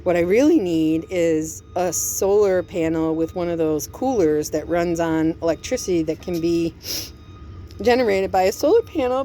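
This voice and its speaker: A woman's voice: mid-range voice, normal speed, mellow, a little hiss or hum. A woman vlogging from a parked vehicle in a resort parking area, overwhelmed and anxious, rambling and jumping from topic to topic. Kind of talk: candid personal vlog.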